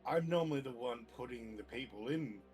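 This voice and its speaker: A player in a tabletop game, describing their character's thoughts in a quiet, low-key way. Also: animated, fairly quick, soft background music. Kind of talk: tabletop role-play chat.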